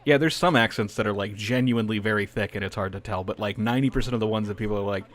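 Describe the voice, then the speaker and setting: A man's voice: lowish voice, rapid-fire. A man chatting with friends over a co-op game, blunt and ranty, swearing freely. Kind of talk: casual chat over a co-op game.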